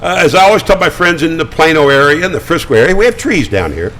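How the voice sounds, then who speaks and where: An older man talking as a guest, spinning chatty, animated anecdotes with frequent stammered restarts. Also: on the high side, fast talker, a little hiss or hum, poor audio. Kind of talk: casual storytelling. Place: studio.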